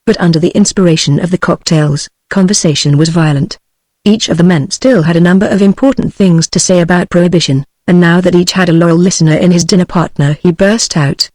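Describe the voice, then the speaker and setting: Computer british lady voice reading a book out, steady, dry close sound. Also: fairly low pitch, brisk, no echo. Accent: British English. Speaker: audiobook narrator. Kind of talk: synthetic text-to-speech book reading.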